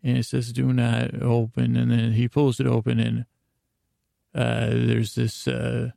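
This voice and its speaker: A man's voice: mid-range voice, monotone, unhurried, creaky, dark tone, no room sound, clean studio sound. A man hosting a show, telling a meandering bedtime story in a drowsy, wandering way. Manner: meandering, drowsy, full of fillers and restarts. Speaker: host.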